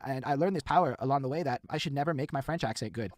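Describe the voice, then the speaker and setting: Rapid-fire excitable male host. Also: mid-range voice. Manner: fast, excitable, heavy swearing. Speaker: podcast host. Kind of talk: casual interview chat.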